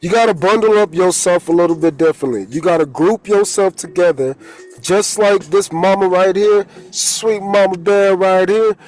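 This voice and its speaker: High-voiced man giving spiritual pep talk. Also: normal speed, a little mellow, faint music behind. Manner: loose, rambling, streetwise preaching with folksy stories. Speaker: holistic coach.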